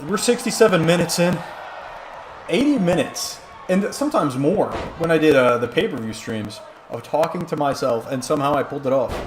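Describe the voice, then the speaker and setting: Excitable rambling male streamer. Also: fairly high pitch, a little fast, noisy background. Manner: rambling, jokey, excitable play-by-play. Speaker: streamer commentating a wrestling video game. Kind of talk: casual live-stream commentary.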